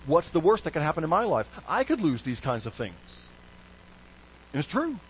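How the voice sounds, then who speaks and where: A man preaching a sermon as pastor, animated, with hushed low stresses and sudden bright emphasis. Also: moderate pace, slight background noise, low-quality recording.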